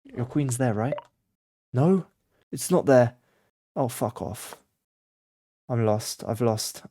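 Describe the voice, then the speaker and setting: A man's voice: medium pitch, takes it slowly, long pauses, no room sound. Man muttering chess moves, dry sound. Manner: mutters moves to himself, swings between quiet focus and flustered panic. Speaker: chess content creator. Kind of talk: thinking aloud while playing blindfold chess.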